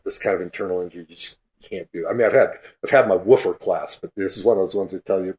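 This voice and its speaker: A man with a slightly low voice tells a story with gusto as a podcast guest. He laughs often and acts out the voices of the people in it. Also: quick pace, few pauses, a little mellow. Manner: laughs through his stories; acts out quoted speech. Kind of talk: animated storytelling.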